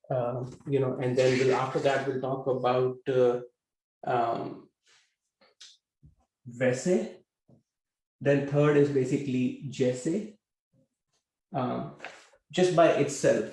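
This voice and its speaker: Mellow-voiced man teaching an online class. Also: mid-range voice, roomy sound, poor audio. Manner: filler-heavy, questions students. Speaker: Hindi teacher. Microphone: video call.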